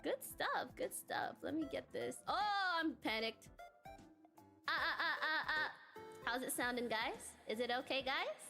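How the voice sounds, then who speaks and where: A woman's voice: high voice, expressive, measured pace, pushed and bright, soft background music. A woman hosting a live stream in casual chat, giggly and a little nervous, with pet phrases she keeps repeating. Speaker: streamer host.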